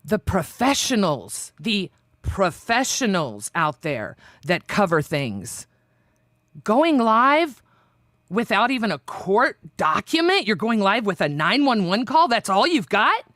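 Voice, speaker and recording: A woman's voice: medium pitch, big pitch swings, slow pace, fairly bright tone, no echo, clean studio sound. A woman co-hosting a reaction livestream, ranting in an indignant, profane way. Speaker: livestream co-host. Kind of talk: heated reaction livestream rant.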